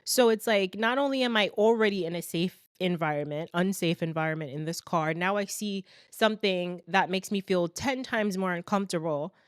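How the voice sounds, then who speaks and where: A young adult woman hosting a podcast alone, ranting in a blunt, animated and exasperated way, a little congested from a cold. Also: fairly low pitch, normal speed, few pauses, dry recording, studio quality. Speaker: podcast host. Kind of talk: solo ranting podcast monologue.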